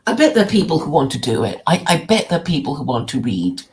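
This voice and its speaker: A woman's voice: low voice, sing-song, fast, darkish tone. A woman in casual chat on a stream, teasing and laughing often.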